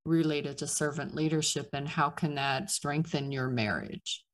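A woman's voice: deep voice, measured pace. A woman hosting an interview, encouraging her guest and laughing along. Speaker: podcast host. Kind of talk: casual interview.

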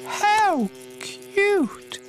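A man voicing a timid little female pony with high squeaky yelps and cries. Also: huge pitch swings, extremely slow, fairly bright tone, faint music behind, heavily acted. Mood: delighted.

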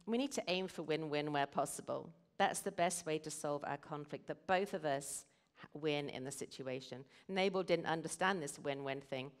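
A woman's voice: low-pitched, normal speed. A middle-aged woman giving a sermon, explaining and telling stories in an earnest way. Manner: earnest, storytelling. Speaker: guest speaker at a church service.

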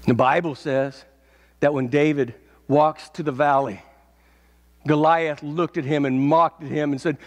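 A male pastor preaching a sermon, telling a story and swelling into shouts at its peaks. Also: fairly high pitch, fairly even intonation, measured pace. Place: church. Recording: echoey church hall.

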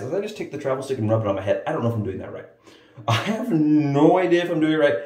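This shaving vlogger talks to his audience with enthusiasm during a head shave, often saying "guys." His voice is medium in pitch and a little mellow, recorded from a distance with roomy echo.

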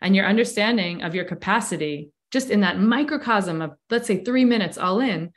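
A woman's voice: mid-range voice, animated, a little fast. A woman who coaches breathwork and cold exposure, explaining enthusiastically in a casual interview with long flowing sentences.

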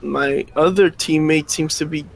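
A man's voice: a little high, unhurried, creaky. A man playing a strategy game, chatting eagerly and asking how things work. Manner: laughing, excited about his plays. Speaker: player. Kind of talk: casual gaming chat.

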